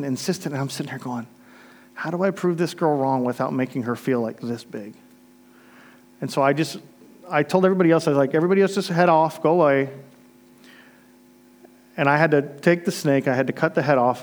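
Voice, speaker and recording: Male pastor, middle-aged, from Florida, slightly high voice, earnest storyteller who shifts between loud and hushed. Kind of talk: sermon.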